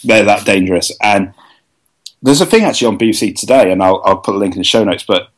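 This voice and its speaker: A man's voice: fairly low pitch, fast talker, rough recording. A man from the UK co-hosting a podcast, explaining things in a chatty, rambling way. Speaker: podcast co-host. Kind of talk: casual chat.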